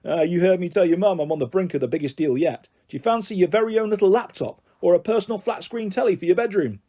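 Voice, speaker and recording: A man's voice: high-pitched, quick pace, warm tone, voice pushed up. A man voicing a bullying middle-aged father who coaxes and sneers in a taunting, menacing way. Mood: coaxing. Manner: taunting, mock-jovial then harsh.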